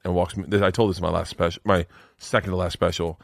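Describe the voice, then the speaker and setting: A man's voice: low-pitched, fast talker, vocal fry, no room sound, studio quality. A middle-aged man, a comedian, telling stories in a casual chat and acting out other people's lines in raised voices. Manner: animated storyteller, acts out quotes in raised voices. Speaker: guest comedian.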